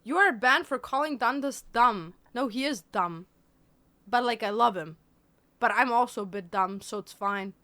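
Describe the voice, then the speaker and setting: A woman chats on a livestream. Her voice sits a little high and sounds bright. She talks bluntly and teases freely. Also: unhurried. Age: 20s. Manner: blunt, teasing, switches between English and German. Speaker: streamer. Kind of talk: casual livestream chat.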